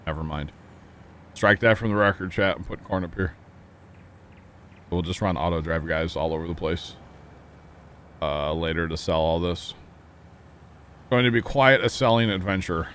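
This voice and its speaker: A man's voice: deep voice, normal speed, pauses often, fairly bright tone, slight background noise. A man streaming a farming game, chatting casually and joking with his chat. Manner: chatty, jokey, reading chat aloud.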